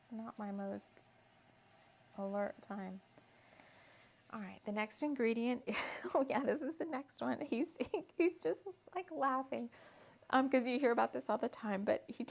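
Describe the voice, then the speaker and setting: A woman's voice: medium pitch, gravelly. A woman hosting a casual spiritual craft session, chatty and giggling often as she repeats her ingredient list aloud. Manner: giggly, laughs often mid-sentence. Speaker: host.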